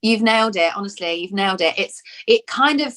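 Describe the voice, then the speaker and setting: An English actress from Lincoln chats through an interview at an ordinary, middling pitch. She talks in quick bursts, restarting and repeating words as her thoughts catch up. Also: animated, fairly bright tone. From Lincoln, England. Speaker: actor being interviewed. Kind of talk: casual interview chat.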